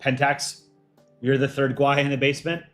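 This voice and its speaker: A man in the middle of his range hosts a relaxed livestream, reading out fan entries one by one. He reacts with dry little jokes as he goes. Faint music plays underneath, with keyboard clicks now and then. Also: medium pitch, normal speed. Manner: chatty, reads out entries and reacts with light jokes. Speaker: livestream host judging fan art. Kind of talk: casual livestream commentary.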